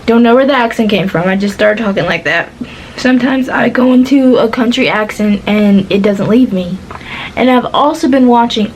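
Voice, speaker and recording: A woman in her twenties vlogs from her bed at home, rambling chattily to the camera with plenty of fillers. Her voice is medium-pitched, and the camera or phone mic gives poor audio with a little hiss or hum.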